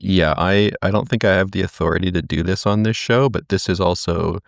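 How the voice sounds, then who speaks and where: A man co-hosting a comedy show, chiming in with dry wisecracks and deadpan jokes. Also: sits low, brisk, vocal fry, dry recording. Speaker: podcast co-host. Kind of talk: comedic banter. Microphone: remote call mic.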